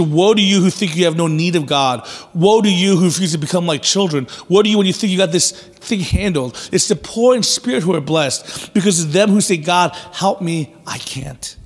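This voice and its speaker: A man preaching a sermon in a church sanctuary, his voice sitting fairly high with a husky, breathy edge. He talks to the congregation conversationally and acts out little asides with energy. A long reverb from the large hall trails each phrase. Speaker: pastor.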